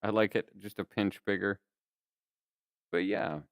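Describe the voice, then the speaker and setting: A man's voice: fairly low pitch, fairly even intonation, measured pace, vocal fry, dry recording, clean studio sound. A young man streaming, telling a rambling story in casual chat and laughing often.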